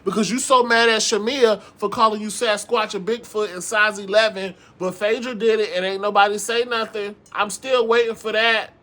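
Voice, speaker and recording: A man with a high, bright, sharp voice recaps reality TV in sassy, animated, casual commentary at a moderate pace with few pauses. He addresses viewers as "girl," swears often, and repeats himself for emphasis.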